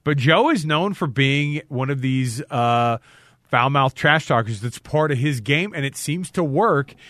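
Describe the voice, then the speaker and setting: A man's voice: medium pitch, lively intonation, unhurried, fairly bright tone, no echo, studio quality. A man hosting a casual sports talk show, rambling a bit and retelling what players said. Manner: rambling, restarts and quotes players. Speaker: sports radio host.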